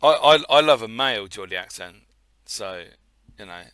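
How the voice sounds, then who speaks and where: Bright, forceful sweary podcast co-host. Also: male voice, on the low side, animated, normal speed, clear, resonant tone, no room sound. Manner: blunt, sweary, teasing. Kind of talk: casual banter.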